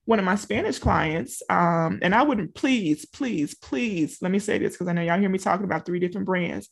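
A woman's voice: fairly low pitch, quick pace, creaky. A middle-aged woman from small-town Louisiana, a business coach talking casually and directly to her listeners with many asides. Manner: chatty, talks straight to listeners with frequent asides. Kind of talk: casual motivational talk.

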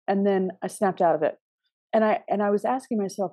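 A middle-aged woman hosts a reflective spiritual podcast in a mellow, slightly breathy voice. She meanders and hesitates, often restarting her sentences. The recording is close and dry. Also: medium pitch, fairly even intonation, moderate pace, no echo. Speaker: podcast host.

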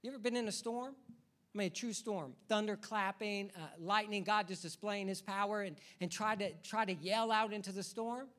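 A man's voice: high voice, moderate pace, fairly bright tone. A man preaching a sermon as pastor, building his points through rhythmic repetition and rhetorical questions to the congregation.

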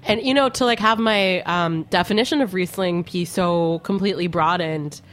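A woman's voice: fairly low pitch, moderate pace. A woman co-hosting a podcast, chatting casually with many "like" fillers. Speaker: podcast co-host. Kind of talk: casual chat.

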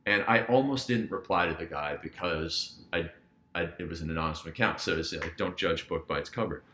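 Bright-voiced man telling animated stories. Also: deep voice, brisk. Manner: animated, acts out quoted dialogue. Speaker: guest business coach. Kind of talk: casual podcast storytelling. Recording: roomy echo.

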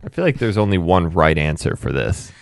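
A man's voice: low voice, very animated, brisk, gravelly, no echo. A man co-hosting a podcast in casual, laid-back chat, joking with his friends. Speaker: podcast co-host.

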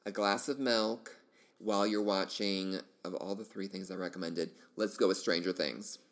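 A middle-aged man with a very low voice hosts his own podcast alone. He rambles in an easygoing, enthusiastic way, circling back through fillers and restarts as he goes. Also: steady tone, normal speed. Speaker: podcast host. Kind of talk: casual solo podcast chat.

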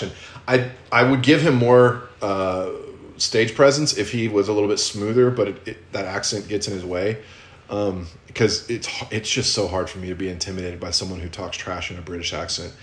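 A man co-hosting a casual podcast, rambling with plenty of ums and restarts. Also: lowish voice. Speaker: podcast co-host.

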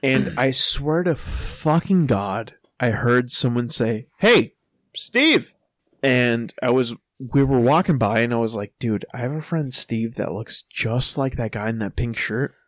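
A young man casually telling a profane anecdote, breaking into loud quoted calls and laughing as he goes. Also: mid-range voice, a little slow, hardly any pauses, no echo. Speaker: storyteller. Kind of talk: casual podcast storytelling.

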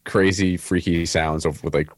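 A man's voice: deep voice, steady tone, normal speed, no echo. A man who drums and writes music in a band, chatting easygoing on a podcast. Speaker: band drummer and composer. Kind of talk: casual podcast chat.

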